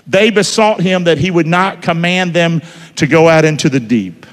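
A man's voice: on the high side, moderate pace. A man preaching a sermon in church, casual and conversational, peppering the congregation with questions. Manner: lively, conversational preaching with call-and-response questions. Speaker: pastor. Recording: long hall reverb.

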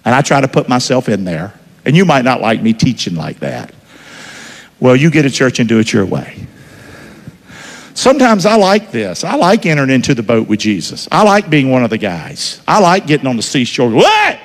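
A man preaching a sermon in a church, folksy, quizzing the congregation and swinging between loud and hushed. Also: mid-range voice, big pitch swings, normal speed. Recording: reverberant church hall.

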